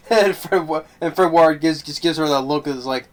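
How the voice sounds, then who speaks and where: Fan commentary guy, rambly and halting, voice on the higher side. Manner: rambling, halting, laughs often. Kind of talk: casual film commentary.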